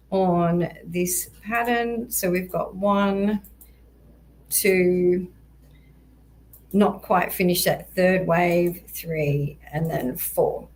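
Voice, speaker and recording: A woman walking through crypto price charts in a measured, explanatory way, with frequent ums and a voice that is going hoarse. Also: lowish voice, poor audio. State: voice going hoarse, occasional coughs. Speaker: crypto market analyst. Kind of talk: chart analysis walkthrough.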